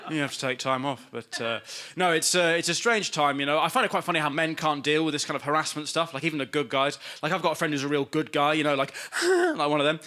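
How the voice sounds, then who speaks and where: A man's voice: a little high, animated, fast, bright, forceful tone, slight background noise. A man in his twenties from England doing a sardonic stand-up comedy set, slipping into mock voices for punchlines. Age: 20s. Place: comedy stage before a live studio audience.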